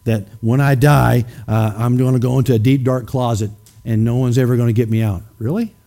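A man's voice: mid-range voice, fairly even intonation, brisk, creaky, warm tone, faint music behind. A man preaching a sermon, emphatic and questioning his congregation directly. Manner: acts out skeptics in mocking voices.

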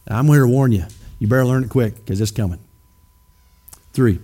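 A man's voice: medium pitch, fairly quick, dark tone. A man preaching a sermon, emphatic and questioning his congregation directly. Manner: acts out skeptics in mocking voices.

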